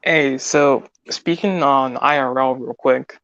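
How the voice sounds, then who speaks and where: A man's voice: mid-range voice, fairly even intonation, slow pace, a bit bright. A man co-hosting a casual podcast, talking in a laid-back, easygoing way. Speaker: podcast co-host. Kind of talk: casual chat. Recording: dull lo-fi mic with faint hiss.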